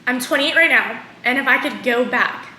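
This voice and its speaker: A woman's voice: high voice, moderate pace, bright, forceful tone, echoey room, a little hiss or hum. A woman in her twenties talking candidly to camera in a vlog, full of fillers and close to tears. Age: 20s. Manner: candid, filler-heavy, often near tears. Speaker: vlogger. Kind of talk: emotional casual confessional talk.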